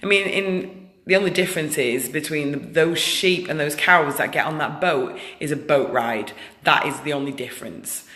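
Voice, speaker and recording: A woman ranting in a casual vlog, loud, blunt and indignant. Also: low-pitched, normal speed. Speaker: vlogger, animal rights activist. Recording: echoey room with long reverb.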